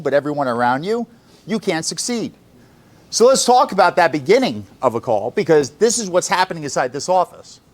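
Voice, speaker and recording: Speaking a little high for a man, a sales boss fires up his staff in the office with a motivational talk. He's blunt, swears freely, and keeps quizzing the room on what he means.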